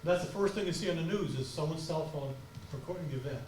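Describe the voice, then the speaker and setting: Passionate fast-talking man lecturing. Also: fairly high pitch, a little hiss or hum. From United States. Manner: fast, passionate, animated delivery. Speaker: lecturer on crisis communications. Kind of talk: conference talk. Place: auditorium. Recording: echoey auditorium from far off.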